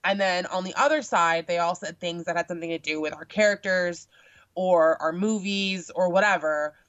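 A woman's voice: lowish voice, moderate pace, no room sound. Chatty young woman, lo-fi. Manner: chatty, lots of filler words, animated when quoting. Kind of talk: casual chat. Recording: dull lo-fi sound.

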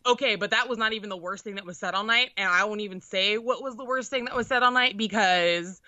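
A young woman co-hosting a podcast, telling an animated, profane story in casual chat. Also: mid-range voice, fast talker, dry recording. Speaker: podcast co-host. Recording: dull lo-fi sound.

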